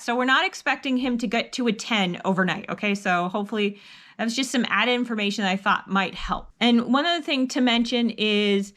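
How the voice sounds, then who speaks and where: A woman's voice: a little high, fairly bright tone. A middle-aged woman giving casual parenting advice, earnest and rambling, with many restarts, sometimes acting out upbeat lines a parent could say. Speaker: homeschooling parent advice vlogger. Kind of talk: casual advice talk to camera.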